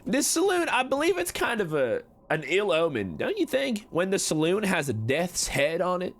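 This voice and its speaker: In a game roleplay stream, a man plays a slick, smooth-talking cowboy conman, an adult male, using a put-on American Western drawl and folksy, wheedling salesman patter. His exaggerated voice sits high, above his natural register, with wildly swooping pitch, a moderate pace, and a slightly bright tone. He sounds scheming.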